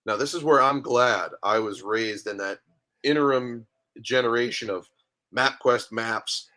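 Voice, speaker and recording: A man of middle pitch chats as a guest on a podcast. He tells lively stories and acts out the dialogue. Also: unhurried. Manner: animated storytelling with acted-out dialogue. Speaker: guest, minor league hockey goalie. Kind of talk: casual interview chat.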